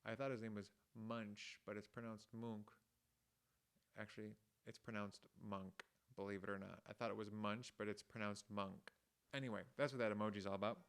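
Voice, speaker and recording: A music teacher with a lowish voice talks briskly and flatly to young children about emotions, guitar chords sounding under him on a home mic. He explains each word gently, acts out the feelings through groans and sighs, and muses aloud in chatty side remarks.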